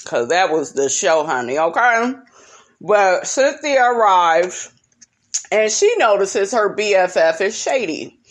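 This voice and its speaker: A young woman recapping reality TV in a sassy, profane, casual vlog style. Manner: sassy, profane, animated with big pitch jumps.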